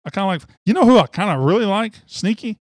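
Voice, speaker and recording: A man's voice: sits high, fast talker, no room sound, clean studio sound. Fired-up, opinionated male sports host. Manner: excitable, opinionated, rambling.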